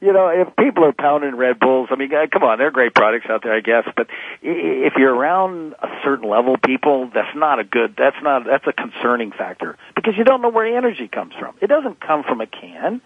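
A man's voice: mid-range voice, sing-song, a little fast, few pauses, slightly rough, no echo. A man in his fifties, a motivational speaker, talking emphatically as a guest in a phone-in radio interview. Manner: emphatic, preachy motivational delivery. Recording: tinny phone line.

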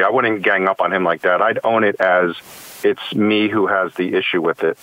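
A man with a low voice calls in to a coaching show. He answers thoughtfully and agreeably, pausing often with ums as he works through how he would handle a coworker. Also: fairly even intonation, narrow, tinny audio. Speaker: caller. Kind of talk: call-in conversation.

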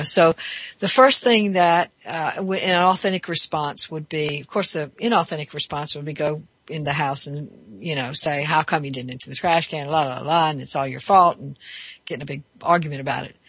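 A woman hosting a radio advice show as a therapist, talking in a relaxed, thoughtful way with many fillers and restarts. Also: deep voice, husky, no room sound.

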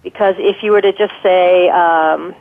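A woman guest expert giving thoughtful, explanatory advice in an interview, pausing often with ums. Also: fairly low pitch, fairly even intonation. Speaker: guest expert on guided imagery. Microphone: telephone. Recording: tinny phone line.

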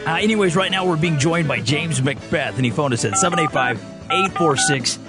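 A man's voice: a little high, a little fast, over music. A man co-hosting an outdoor radio talk show, joking and teasing in casual chat. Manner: playful, teasing, sing-song.

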